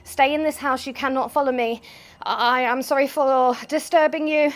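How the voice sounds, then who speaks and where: A woman vlogging a ghost hunt in an abandoned house, talking to spirits, jumpy and swinging from hushed to loud. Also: high voice, fairly even intonation, moderate pace. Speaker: paranormal vlogger. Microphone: small mic on the camera.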